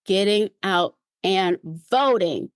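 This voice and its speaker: Podcast co-host, woman, playful and animated, dry close-mic sound. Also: slow pace, smooth, dry recording. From California. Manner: animated, playful, breaks into high mimicking voices. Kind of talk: casual chat.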